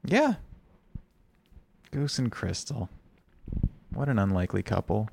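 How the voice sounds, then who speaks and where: A man co-hosting a casual recap podcast, sardonic, with quick asides. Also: fairly low pitch, very animated, gravelly, noisy background. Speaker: podcast co-host.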